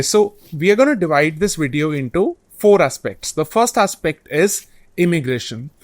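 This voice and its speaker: A man's voice: mid-range voice, no room sound. A man hosting an advice channel, explaining study-abroad options earnestly and point by point. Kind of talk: direct-to-camera advice talk.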